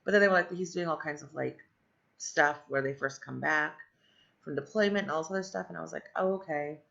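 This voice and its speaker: Gravelly-voiced woman telling a personal story. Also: sits low, a little fast, fairly bright tone. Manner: rambling, many fillers and asides. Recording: dull lo-fi sound.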